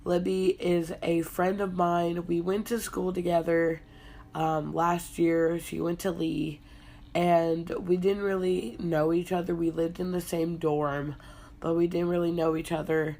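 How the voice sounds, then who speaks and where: A young woman hosting a casual solo podcast, congested and hoarse from being sick, talking in a low-energy, laid-back way. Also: level tone, unhurried, darkish tone. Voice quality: hoarse, husky from illness. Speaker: podcast host.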